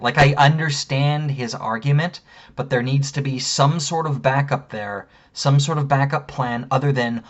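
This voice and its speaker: A man's voice: mid-range voice, fairly even intonation, normal speed, fairly bright tone, muffled recording. A man telling a story in an angry, profane rant, heated and indignant. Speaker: vlogger.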